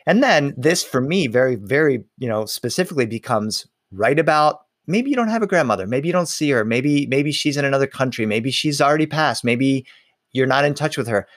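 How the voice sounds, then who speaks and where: Animated middle-aged storyteller man. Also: mid-range voice, dry recording, studio quality. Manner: animated, slows down on details, many restarts. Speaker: storyteller and author. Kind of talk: conversational storytelling to an interviewer.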